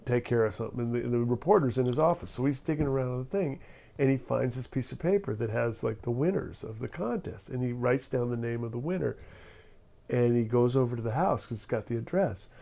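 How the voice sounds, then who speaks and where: A man's voice: medium pitch, lively intonation, fairly quick, gravelly, mellow. A man telling a long joke in a rambling, casual way on a talk show. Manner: rambling storyteller, voices characters.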